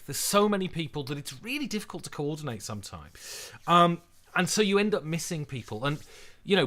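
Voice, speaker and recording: A middle-aged man with an English accent hosts a casual livestream and answers questions from viewers. His voice sits a little high and rings bright and forceful. He talks in an animated, storytelling way. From England. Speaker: livestream host.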